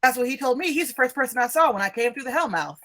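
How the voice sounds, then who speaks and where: Bright-voiced woman game master. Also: sits high, expressive, quick pace. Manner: loose, laughing, rambling. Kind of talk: casual tabletop narration.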